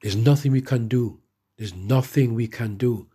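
This man preaches with emphatic rises after slowly reading verses of scripture. He speaks in a mid-range voice that is warm and husky.

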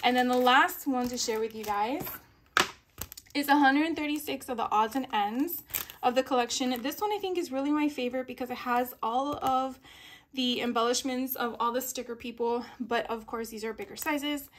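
A woman in a casual craft haul video, reading sticker captions aloud slowly and giggling at the puns. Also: sits high. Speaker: papercraft vlogger.

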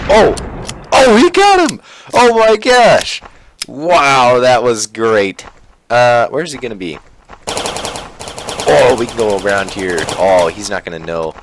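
A man gives lively, excitable commentary over his own gameplay. His pitch leaps around as he jumps between loud exclamations and quiet muttering. Faint gunfire from the game sits under his voice. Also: slight background noise. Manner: animated, exclaiming and muttering to himself. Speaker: gaming channel host.

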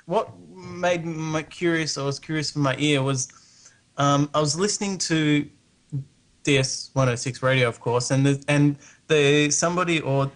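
A man's voice: fairly high pitch, normal speed. A man with an Australian accent calling in to a live show, rambling and hesitant as he asks curious questions. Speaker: guest caller. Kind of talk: casual live-stream chat.

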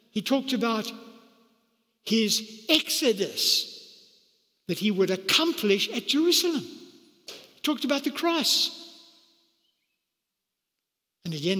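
Animated male preacher, high-pitched. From South Africa. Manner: animated preaching, acting out quotes with sudden pitch leaps. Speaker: pastor. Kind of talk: sermon. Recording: church hall with long reverb.

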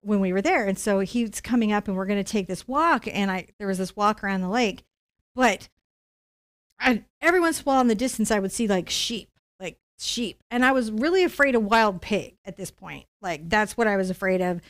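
A middle-aged woman teaching a live painting lesson, telling a story in a chatty, animated way and laughing often. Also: mid-range voice, a little fast. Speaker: painting instructor.

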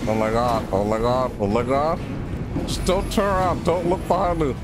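A gaming channel host playing a horror game, panicking out loud with yelps, shrieks and repeated cries of alarm. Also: medium pitch, fairly even intonation, normal speed. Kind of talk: horror game let's play commentary. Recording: game music loud under the voice. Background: loud tense game music.

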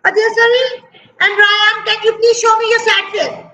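A woman's voice: very high voice, level tone, moderate pace, bright, forceful tone. A woman teaching preschoolers in an online class, praising them in a sing-song, exaggerated way over a video call. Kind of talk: online class for small children. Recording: dull, echoey video-call audio.

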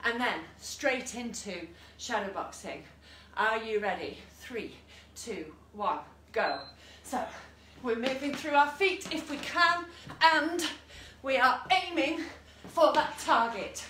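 Bright, high-voiced woman fitness instructor. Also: expressive, slow, few pauses. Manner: encouraging cues and countdowns with asides. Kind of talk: online exercise class instruction. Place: room at home, with a dog nearby. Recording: echoey room, voice from a distance, faint noise.

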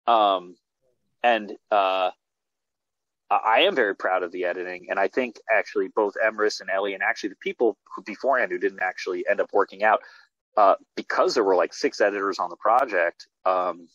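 A male filmmaker talking casually in an interview over a video call, rambling excitedly with many restarts and fillers. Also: low voice, a little fast, dry recording. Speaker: filmmaker guest. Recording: dull lo-fi video call audio.

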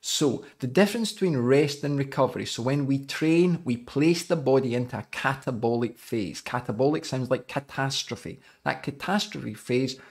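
A man's voice: mid-range voice, normal speed, hardly any pauses. Scottish male coach in his forties, jokey and chatty, hosting a live podcast. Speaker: cycling coach.

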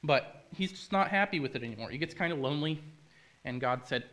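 A man's voice: a little high, animated, brisk, a bit bright. A man preaching a casual, joking sermon in a church, retelling a story with chatty asides to the congregation. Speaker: pastor.

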